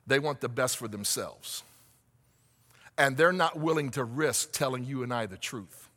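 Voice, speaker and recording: A man preaching a sermon as pastor, asking the congregation questions and rising to shouts. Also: medium pitch, measured pace, big-room sound.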